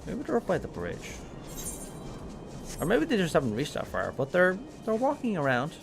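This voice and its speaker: An Irish man chats his way through a live game stream, thinking aloud and trailing into ums. His pitch sits in a middle register but moves around a lot. Faint music plays quietly behind him. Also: wildly swooping pitch, moderate pace, gravelly. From Ireland. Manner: chatty, rambling, thinking aloud with many ums. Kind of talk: casual live-stream gameplay commentary.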